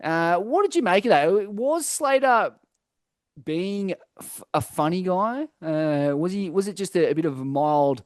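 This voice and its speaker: The voice sits high and expressive, a little slow, captured at studio quality with no echo. It belongs to a young Australian man co-hosting a casual podcast, spinning loose stories peppered with swearing and fillers.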